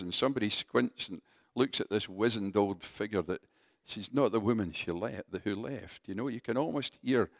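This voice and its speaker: A man's voice: on the low side, dry recording. Conversational male preacher, dry sound. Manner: conversational, animated, addressing the congregation as folks. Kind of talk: sermon.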